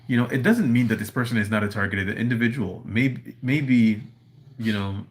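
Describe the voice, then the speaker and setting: A medium-pitched man speaks at a moderate pace, hosting a casual livestream from home with a dog near him. Reading his chat, he answers in a rambling, earnest monologue packed with "you know."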